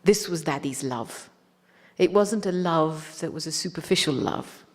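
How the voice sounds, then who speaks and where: A woman with a slightly low, breathy voice tells a personal story at a spiritual gathering. Her telling is reflective and gentle. The sound carries a long reverb from a large hall. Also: a little slow. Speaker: spiritual speaker.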